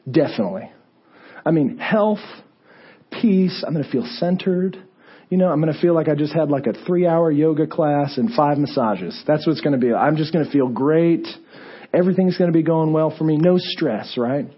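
A male pastor who has lost his voice, preaching a conversational sermon with a hoarse, raspy sound and lively storytelling that moves between hushed and raised moments. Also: a little high, moderate pace, lo-fi sound. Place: church sanctuary.

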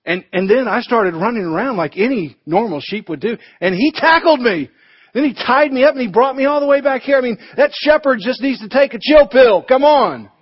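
A man's voice: very high voice, animated, fairly quick, slightly rough, voice pushed up, full character voice. A man voicing an easily startled male sheep who grumbles in aggrieved, casual slang. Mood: indignant. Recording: dull lo-fi recording.

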